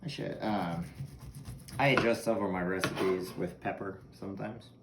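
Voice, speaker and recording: A man's voice: deep voice, steady tone, normal speed. A man casually chatting to viewers while cooking corn in his kitchen, rambling and self-amused. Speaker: home cooking vlogger. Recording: echoey room with background noise.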